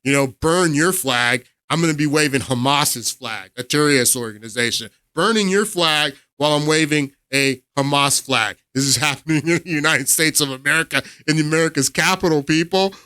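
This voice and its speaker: A man's voice: fairly high pitch, normal speed, hardly any pauses, sharp tone, smooth, dry recording, clean studio sound. A man hosting a political commentary show, talking emphatically to his viewers and laughing in disbelief.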